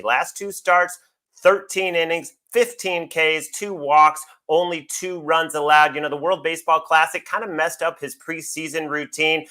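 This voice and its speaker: A man giving baseball betting picks, confident and rattling off stats in quick succession. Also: a little high, bright, forceful tone. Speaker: sports betting analyst.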